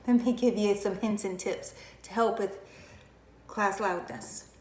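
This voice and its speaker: In this instructional demonstration, a woman kindergarten teacher talks to camera as though young children were listening, alternating full voice and whispers, asking emphatic questions and giving praise. Her mid-range voice is steady and darkish, a little slow. Roomy echo and faint ambience color the recording.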